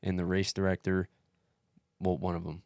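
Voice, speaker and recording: On a casual podcast, a co-host tells the story of his race in a low voice at normal speed. He swears freely, throws around "dude" and "bro," and acts out what other people said. The studio-quality recording has no echo.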